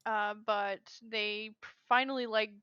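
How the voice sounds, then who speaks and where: A woman's voice: mid-range voice, fairly even intonation, clear, resonant tone, no echo, muffled recording. A woman co-hosting a casual gaming podcast, chatty and frank. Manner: chatty, frank, quick to laugh. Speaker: podcast co-host. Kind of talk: casual chat.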